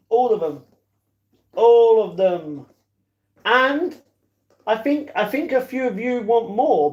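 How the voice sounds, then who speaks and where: A young man with a fairly high voice chats loosely with his live-stream audience, reading comments and answering them. He talks in a rambling, affectionate way, dropping "darling" and "mate" as he goes. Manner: chatty, calls viewers darling and mate.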